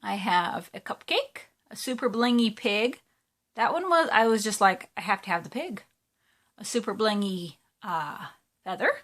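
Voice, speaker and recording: A woman's voice: on the high side, fairly bright tone. A woman, chatting casually and gushing while she shows off her crafting supplies. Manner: chatty and gushing, with many fillers. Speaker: cross-stitch vlogger. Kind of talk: casual show-and-tell chat.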